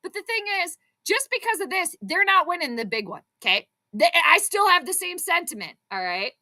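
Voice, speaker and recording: A young adult woman hosting a live sports stream, reacting to the game in an excitable, exclamatory, chatty way. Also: very high voice, a little fast. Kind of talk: live play-by-play reaction commentary.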